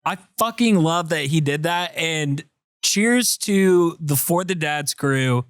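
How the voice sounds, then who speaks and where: A man's voice: on the high side, lively intonation, slow pace, fairly bright tone, clear, resonant tone, dry recording, studio quality. A man co-hosting a podcast in casual chat, enthusiastic and swearing freely. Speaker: podcast host.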